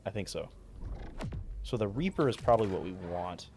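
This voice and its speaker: Over soft background music, a man with a deep, darkish, expressive voice talks at a moderate pace while streaming a game. His commentary is casual and rambling, mumbled, heavy on swearing and fillers, with occasional voice cracks.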